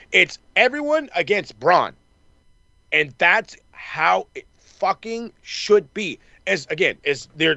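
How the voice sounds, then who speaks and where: A man hosting a wrestling talk show in casual chat, animated and profane, acting out wrestlers' reactions. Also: fairly high pitch, gravelly, no room sound. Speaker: wrestling podcast host.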